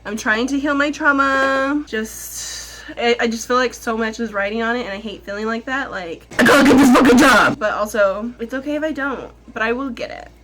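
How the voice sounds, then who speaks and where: Young female vlogger, nervous, higher voice, casual and self-deprecating, light background noise. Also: moderate pace, few pauses. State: nervous before a job interview. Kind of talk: casual vlog chat to camera. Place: at home.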